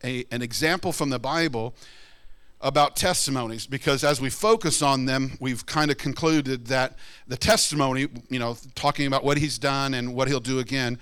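Animated bright-voiced male preacher. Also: normal speed, clear, resonant tone. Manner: conversational, animated, acts out quoted people in high voices. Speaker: pastor. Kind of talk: sermon.

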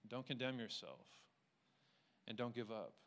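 A man's voice: mid-range voice, big pitch swings, a little slow, fairly bright tone. A man teaching an informal Bible lesson in a conversational way, often restarting sentences and acting out quoted voices, then closing in prayer. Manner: closes with a prayer. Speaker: teacher leading a Bible study. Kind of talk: informal sermon.

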